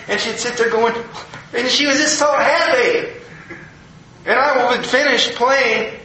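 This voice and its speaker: An older man, a pastor, telling a personal story in a folksy, animated way. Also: high-pitched, slight background noise. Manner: folksy, animated storyteller, acting out quoted people. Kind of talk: personal story told to an audience. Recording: very echoey room, faint ambience.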